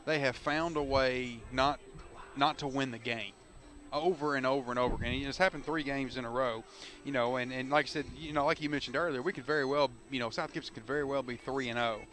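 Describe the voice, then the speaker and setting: A man doing color commentary on high school football, excitable and rambling with lots of repeats. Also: fairly quick. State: out of breath.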